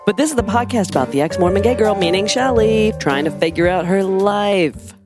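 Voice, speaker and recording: A woman's voice: mid-range voice, brisk, loud music behind the voice. A woman co-hosting a podcast in a casual, playful, teasing chat. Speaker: podcast co-host.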